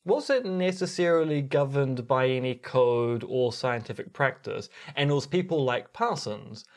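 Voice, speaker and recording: A man with a New Zealand accent talks through a story as a podcast co-host. His voice sits at a middle pitch, and he delivers it in an easy, explanatory way. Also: animated, unhurried. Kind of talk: casual podcast chat.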